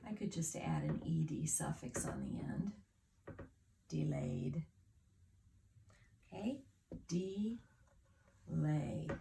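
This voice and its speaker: Woman teacher, low and gravelly, unhurried phonics lesson, spells words out letter by letter. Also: noisy background. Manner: slow, clear word-by-word spelling with claps and sounding out.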